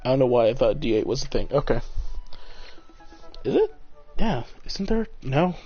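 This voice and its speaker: A man's voice: mid-range voice, big pitch swings, moderate pace, slightly rough, faint music behind. Brief: male streamer, self-mocking casual commentary, muffled home mic. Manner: rambling, swearing, self-mocking. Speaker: game streamer. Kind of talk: casual let's-play commentary. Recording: dull lo-fi mic.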